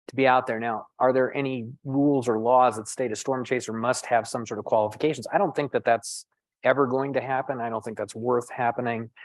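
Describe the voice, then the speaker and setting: A middle-aged man speaks at a panel discussion in a thoughtful, self-deprecating way, often restarting his phrases. His voice sits at an ordinary male pitch. The recording is close and dry. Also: dry recording, low-quality recording. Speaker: physician and storm chaser.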